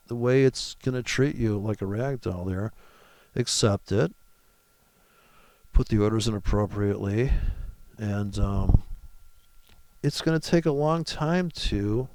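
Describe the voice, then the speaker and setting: A man's voice: medium pitch, darkish tone, no room sound. A man talking through his live forex trades in a rambling, profane and mocking way. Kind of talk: casual live trading commentary.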